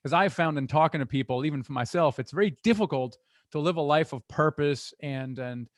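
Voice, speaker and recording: Middle-aged man, earnest, animated, slightly higher voice, dry sound. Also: a little fast, dry recording. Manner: earnest, animated storytelling with restarts. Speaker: guest, real estate investor. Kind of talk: conversational interview.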